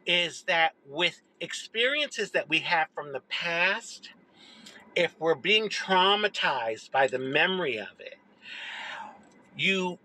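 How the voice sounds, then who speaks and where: A woman around sixty telling a personal childhood story to camera, expressive, dropping low for emphasis. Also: slow, poor audio. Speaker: social media storyteller.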